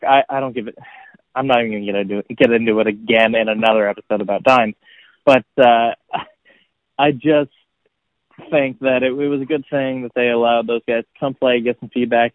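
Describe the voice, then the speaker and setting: A man's voice: medium pitch, no echo. A man co-hosting a casual gaming podcast, teasing his partner wryly and laughing easily. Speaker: podcast co-host. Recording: tinny phone-like line.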